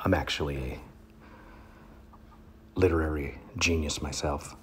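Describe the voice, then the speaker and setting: A man's voice: rumbling low, steady tone, slow pace, pauses often, a little hiss or hum. A man giving a comedic poetry reading, mock-pompous and rambling, often dropping into whispers.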